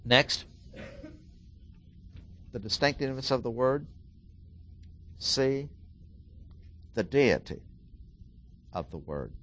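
A middle-aged man delivers expository Bible teaching at an unhurried pace. He builds his points by repeating phrases and leaning hard on single words. His voice sits at an ordinary mid pitch. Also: very animated, fairly bright tone. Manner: deliberate, repeats key phrases with emphasis. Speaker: preacher.

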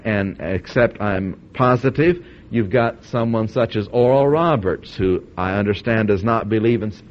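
A man preaching a sermon with emphatic repetition, swinging between loud stresses and quiet asides. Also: mid-range voice. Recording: dull lo-fi old tape recording.

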